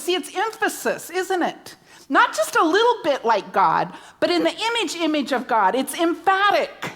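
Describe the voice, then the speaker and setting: A woman's voice: extremely high pitch, big pitch swings, normal speed, fairly bright tone. A woman minister preaching a sermon, emphatic, repeating key words and asking rhetorical questions.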